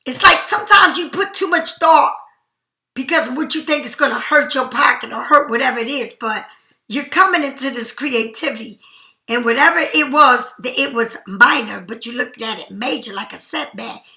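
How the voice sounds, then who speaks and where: Chatty high-voiced tarot reader woman. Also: normal speed, reverberant. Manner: chatty, animated, slangy. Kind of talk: casual tarot reading.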